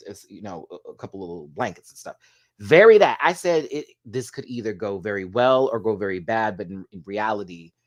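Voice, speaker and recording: Chatty, gossipy man recapping a show. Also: mid-range voice. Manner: chatty and gossipy, laughs often. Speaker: host. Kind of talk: casual TV recap commentary.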